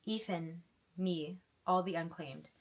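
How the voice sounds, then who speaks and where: A woman's voice: fairly low pitch, slow. A young woman reacting to a book she is reading, in an emotional, gushing way, often tripping over her words and starting again. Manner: gushing, emotional, self-interrupting with repeated restarts. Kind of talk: casual reading reaction vlog.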